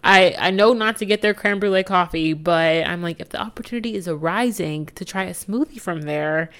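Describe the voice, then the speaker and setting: Brisk and fairly low-pitched, this young US podcast host talks on her own show in a casual, open, chatty way, quick to laugh.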